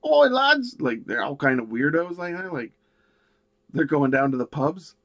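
A man hosting a miniature painting tutorial, talking in a relaxed, rambling way with many fillers. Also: mid-range voice, normal speed. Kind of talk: casual tutorial narration.

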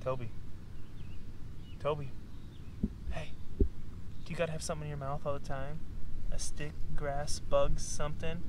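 A man's voice: fairly high pitch, little pitch movement, normal speed, long pauses, background noise. A man outdoors in a park, talking to his dog in a coaxing, playful way, like a pal. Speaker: dog owner filming his dog. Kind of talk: casual talk to a dog.

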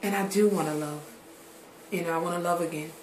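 A grown woman with a fairly low voice, talking frankly to her viewers in a personal vlog. She rambles from topic to topic and drops curse words casually. The room gives the recording a roomy echo, with faint noise underneath. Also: steady tone, fairly quick, darkish tone. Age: adult. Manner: rambling, drifts from subject to subject. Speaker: vlogger. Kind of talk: candid personal vlog talk.

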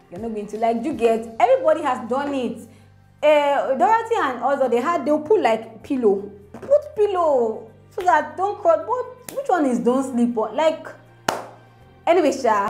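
A woman, chatting excitedly as a gossip vlogger to her viewers. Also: on the high side. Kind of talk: casual gossip commentary to viewers. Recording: roomy echo with faint music.

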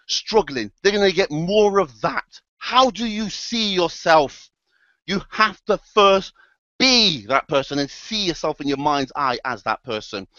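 A man's voice: a little high, a bit bright, no room sound, muffled recording. Emphatic man giving a trading seminar. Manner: emphatic, repetitive, direct address to audience. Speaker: trading educator and presenter. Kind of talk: motivational trading seminar talk.

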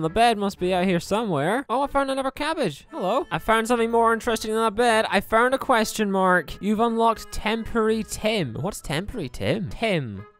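A young man giving excitable, exclamation-filled commentary while playing a game, swearing and talking to the objects on screen. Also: very high-pitched. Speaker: gaming YouTuber. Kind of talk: let's play commentary.

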